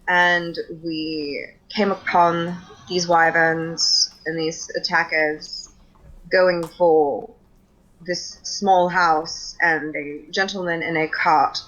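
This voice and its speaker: A woman player speaking in character during a tabletop game, in a measured, slightly halting way. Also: on the low side, a bit bright. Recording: dull lo-fi sound.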